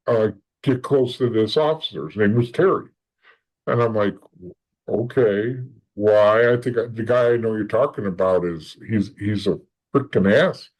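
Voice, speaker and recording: Animated man telling a gritty story. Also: medium pitch, low-quality recording. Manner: animated, acts out quoted voices, swears. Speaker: podcast guest. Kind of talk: storytelling in an interview.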